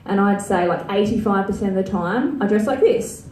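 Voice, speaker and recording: A woman's voice: medium pitch, normal speed, darkish tone, distant mic, a little hiss or hum. A young Australian woman performing a stand-up set, crude and self-mocking, chatty with lots of filler words. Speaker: stand-up comedian. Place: comedy venue stage. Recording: roomy live venue sound from afar.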